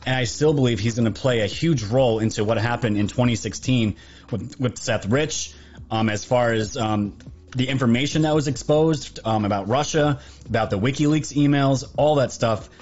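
A man's voice: medium pitch, moderate pace, darkish tone. Male host, opinionated commentary, punchy and repetitive, slightly dull recording with faint music. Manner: emphatic and repetitive.

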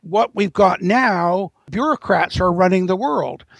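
A man with a high, gravelly voice talks as a guest in an interview, winding through long explanations and often restarting his sentences. The sound is close and dry. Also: unhurried, no echo, rough recording. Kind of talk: interview commentary.

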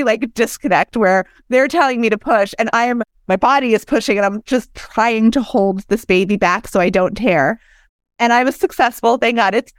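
A woman in her thirties tells her own story as a podcast guest, candid and animated, slipping into the voices of the people around her. Her voice sits a little high, and the sound is close and dry with no room around it. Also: no room sound. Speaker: podcast guest, doula and founder. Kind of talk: personal storytelling in conversation.

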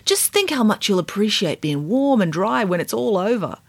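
A woman voicing a deadpan joking mum. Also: medium pitch, normal speed, creaky, no room sound, voice pushed up. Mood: wry. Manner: deadpan, playfully absurd reasoning. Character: dry-witted joking middle-aged mother. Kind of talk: storybook read-aloud.

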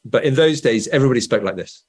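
A man's voice: mid-range voice, expressive, fast talker, a little mellow, slightly rough. Guest author, English man, standard Southern English accent, explanatory conversational manner. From England. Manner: explanatory, frequent "right?" tags and restarts. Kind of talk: conversational interview.

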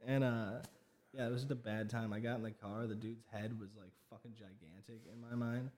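A man's voice: lowish voice, fairly even intonation, fairly quick, darkish tone, slight background noise. A young man, a podcast guest, chatting casually and telling rambling stories with lots of laughter and acted-out quotes. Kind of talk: casual chat.

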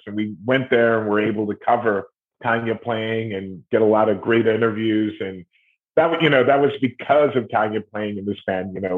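A middle-aged man from Ohio, a documentary series host, telling stories in a rambling, animated way. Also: on the low side. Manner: rambling, animated retelling with acted quotes. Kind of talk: casual interview conversation. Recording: tinny phone-like audio.

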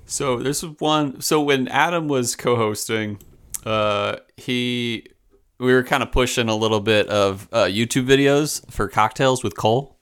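A man co-hosting a podcast, talking in a relaxed, jokey way with hesitant fillers. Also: medium pitch, unhurried, smooth. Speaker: podcast co-host. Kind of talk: casual chat.

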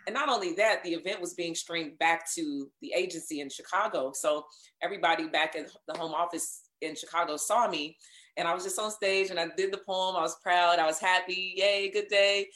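A woman voiceover artist telling her career story in a casual interview, animated and acting out what people said. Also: on the low side, a little fast. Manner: animated, acts out quoted dialogue.

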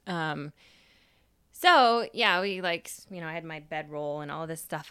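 A young adult woman and podcast host telling a personal story in a casual, animated way, swearing freely and acting out her own past remarks. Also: sits low, a little slow, clear, resonant tone, dry recording.

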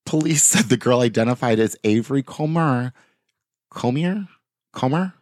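A man's voice: mid-range voice, brisk, a little mellow, dry recording, studio quality. A man hosting a podcast, reading news articles aloud with offhand jokey asides in casual chat. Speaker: podcast host.

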